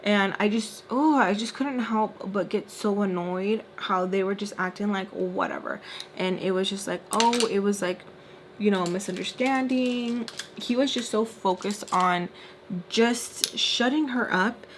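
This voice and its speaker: A young woman casually telling a story while doing her makeup, animated and full of fillers. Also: mid-range voice, unhurried, a little hiss or hum. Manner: animated, filler-heavy retelling with quoted voices. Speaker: storytime vlogger.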